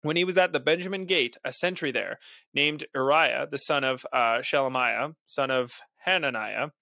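A man's voice: mid-range voice, normal speed, vocal fry, pushed and bright, no room sound, studio quality. A young man hosting a podcast, reading a Bible passage aloud and breaking off into earnest, casual commentary. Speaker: podcast host.

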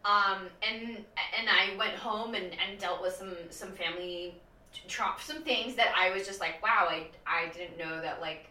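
A woman's voice: mid-range voice, unhurried, sharp tone, far from the mic. A young woman co-hosting a podcast, rambling casually with many restarts. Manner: rambling, restarts, laughs while talking. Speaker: podcast co-host. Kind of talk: casual chat. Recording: echoey room, off-mic.

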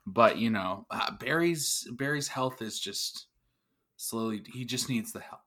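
A man's voice: medium pitch, measured pace, pushed and bright. A man co-hosting an improv comedy podcast, hesitant and stammering, dodging questions. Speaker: podcast co-host.

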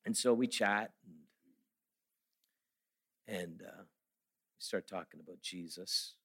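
A man's voice: low-pitched, slow, creaky, slightly rough. A middle-aged man giving a sermon, telling stories and then rising to emphatic preaching. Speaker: guest speaker.

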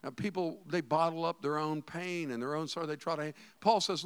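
A middle-aged man preaching a sermon as a pastor, animated, swinging between hushed asides and shouted emphasis. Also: a little high, brisk, hardly any pauses, smooth.

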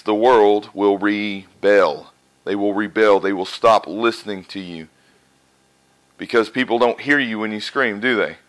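A man's voice: lowish voice, bright, forceful tone, low-quality recording. A man preaching a conversational sermon to a live congregation in a church, often asking questions and answering them himself.

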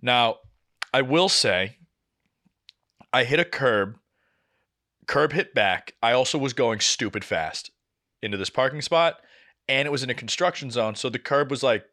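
A young man tells a long, exasperated story on a casual podcast. His voice sits at an ordinary middle pitch for a man. He swears freely and acts out the people in his story as he goes. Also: expressive, unhurried, pauses often, bright, forceful tone. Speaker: podcast co-host.

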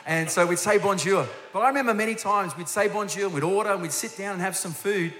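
A man's voice: high-pitched, fast, pushed and bright. A man preaching a sermon as guest minister, telling stories with energy and putting direct questions to the congregation. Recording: echoey hall with faint hiss.

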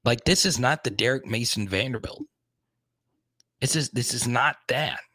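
A man's voice: medium pitch, moderate pace, bright, forceful tone, no echo. Dry-voiced man rambling about sports bets. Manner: rambling, frustrated, thinks aloud. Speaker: sports show host. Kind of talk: casual sports betting talk.

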